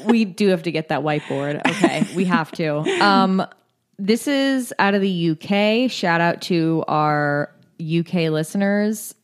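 A woman's voice: lowish voice, animated, measured pace. A woman co-hosting a casual podcast, reading news stories aloud in a blunt, swearing, laugh-filled way. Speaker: podcast co-host.

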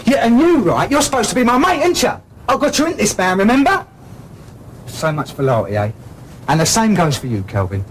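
A man's voice: medium pitch, big pitch swings, a little fast, slight background noise, lightly acted. An actor playing a hot-tempered male keyboard player in a pop band who taunts abrasively. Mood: angry taunting. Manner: abrasive, taunting, shouting in bursts.

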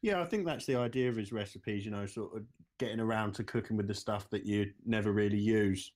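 A man's voice: on the low side, a little fast, a little mellow. Dry-joking British man co-hosting. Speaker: podcast co-host. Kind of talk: casual chat.

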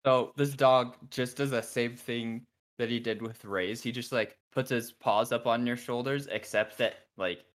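A man narrating a tabletop game as dungeon master, relaxed and laughing as he describes scenes. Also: medium pitch, measured pace, hardly any pauses.

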